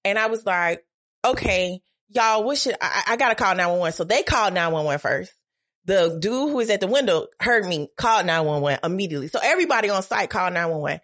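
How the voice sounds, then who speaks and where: A woman's voice: medium pitch, animated, fast, a bit bright. A woman telling a dramatic story as a podcast guest, profane, acting out quoted lines with big jumps in her voice. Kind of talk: animated storytelling.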